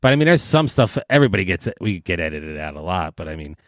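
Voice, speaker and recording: A man's voice: low voice, big pitch swings, fast, dry recording, studio quality. A man co-hosting a podcast in casual chat, rambling with plenty of fillers and laughing often. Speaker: podcast co-host.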